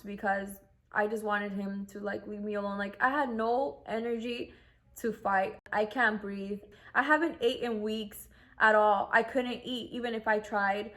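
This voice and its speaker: A woman's voice: medium pitch, steady tone, moderate pace, a bit bright. A young woman in her twenties, casually telling a personal story, full of "like" and acting out what others said. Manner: chatty, acts out quoted voices, lots of "like". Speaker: vlogger.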